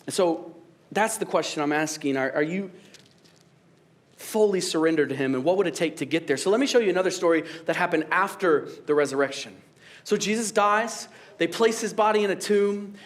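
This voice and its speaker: A man's voice: high voice, fairly quick. A young adult male pastor preaching a sermon in a casual, jokey way, laughing at his own jokes.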